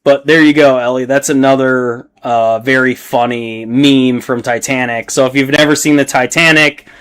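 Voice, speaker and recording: A man's voice: mid-range voice, steady tone, normal speed, a bit bright, smooth. A man chatting casually on a livestream while painting, rambling and swearing freely as he reacts to his chat.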